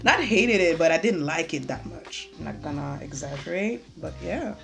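At home, a young woman beauty vlogger works through a makeup tutorial, chatting casually and poking fun at herself as she goes. Her voice is deep and expressive, with vocal fry, at a normal speed. Faint music plays underneath.

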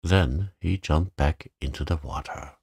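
Man, very deep voice, slow gentle bedtime narration, dry close recording. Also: gravelly, husky, no room sound. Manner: gentle, unhurried storytelling. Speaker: sleep story narrator. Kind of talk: calm bedtime story reading.

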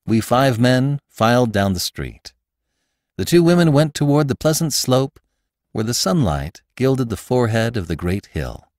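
A man's voice: mid-range voice, very animated, measured pace, darkish tone, no room sound, clean studio sound. A man narrating a classic short story as the host of an audiobook podcast, telling it expressively. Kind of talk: scripted narration.

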